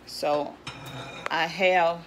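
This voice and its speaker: A woman talks through a recipe in her home kitchen, rambling and restarting her sentences in a casual vlog. Her voice sits a little low. Pans, dishes and cutlery clink clearly behind her. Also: fairly even intonation, extremely slow, noisy background. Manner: chatty, rambling, stutters and restarts. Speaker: home cook vlogger. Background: clinking pots, pans and cutlery.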